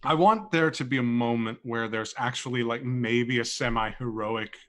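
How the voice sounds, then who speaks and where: A man's voice: mid-range voice, normal speed, fairly bright tone. A man player reflecting casually on his character, thinking aloud and swearing now and then. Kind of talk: casual discussion.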